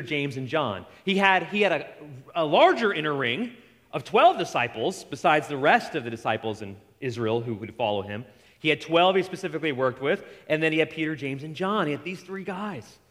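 Preacher with a long hall echo. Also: male voice, fairly high pitch. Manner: animated storytelling, acts out quoted dialogue. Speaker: pastor. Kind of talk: sermon.

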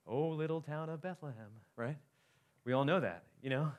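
A man's voice: a little high, normal speed. A man preaching a sermon as pastor, talking casually to his congregation, often checking in with "right?" and reading scripture aloud.

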